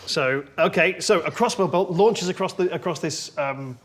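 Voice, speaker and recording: A man's voice: a little high, normal speed, a little hiss or hum. A man with an English accent, narrating as dungeon master in a tabletop game and laughing often as he rambles. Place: indoor room.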